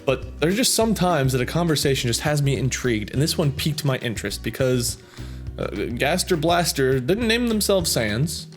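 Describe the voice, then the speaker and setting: A man's voice: medium pitch, sing-song, moderate pace, soft background music. A man in his thirties hosting a gaming channel, casually reading out viewer comments in a rambling, self-amused way. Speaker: YouTube gaming channel host.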